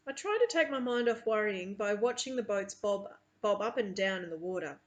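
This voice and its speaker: A woman's voice: mid-range voice, animated, moderate pace, few pauses. A woman teacher reading a novel aloud to her students, with chatty asides between passages.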